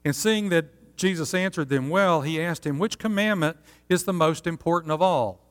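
A man gives an earnest sermon as pastor, often checking in with his listeners through rhetorical questions. His voice sits a little higher than most men's. The words ring out with a long reverb, as in a large church hall. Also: normal speed.

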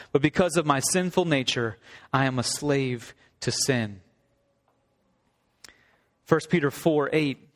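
A male pastor delivering a sermon, reading scripture aloud and then expounding on it earnestly. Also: fairly high pitch. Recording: long hall reverb.

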